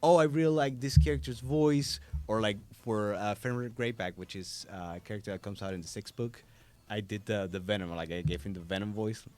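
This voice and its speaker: A male voice actor sits in a podcast studio as the guest, his voice a touch congested. He speaks in a lowish register and tells stories with lively jumps into quoted voices. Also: brisk. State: a little congested. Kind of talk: casual interview chat. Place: podcast studio in a hobby shop.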